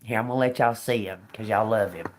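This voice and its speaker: A woman's voice: extremely low pitch, fast, very noisy. Chatty, loose-talking woman tarot reader. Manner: loose, chatty, restarts and trails off, swears casually. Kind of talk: casual live stream reading.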